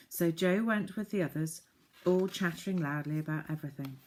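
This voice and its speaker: A woman narrating a children's storybook with gentle, clear reading. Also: low voice, fairly quick. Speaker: audiobook narrator.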